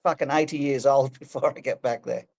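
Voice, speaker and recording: A man's voice: mid-range voice, fairly even intonation, brisk, creaky, darkish tone. An Australian man co-hosting a podcast, laughing and swearing in self-mocking banter. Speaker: podcast co-host. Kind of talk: casual banter.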